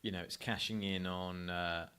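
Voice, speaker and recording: Chatty low-voiced man from Essex. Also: fairly even intonation, moderate pace, bright, forceful tone, clear, resonant tone. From Essex, England. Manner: rambling, self-correcting, jokey. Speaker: podcast co-host. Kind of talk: casual chat.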